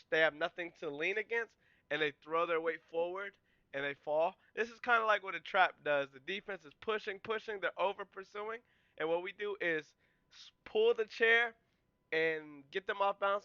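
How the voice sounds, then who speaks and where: A man hosts a podcast and talks through game film play by play in a casual, conversational way. His voice sits high and is very bright and smooth. The recording is close and dry, with a slightly dull, muffled top end. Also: normal speed, dry recording. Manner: excitable, yells and cheers at big plays; explains plays in a relaxed, conversational way. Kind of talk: casual film breakdown commentary.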